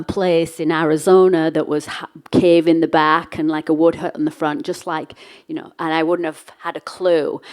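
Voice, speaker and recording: Woman speaking at a workshop, kinda low voice, chatty storyteller, acts out the dialogue. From England. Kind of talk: storytelling talk to a live audience.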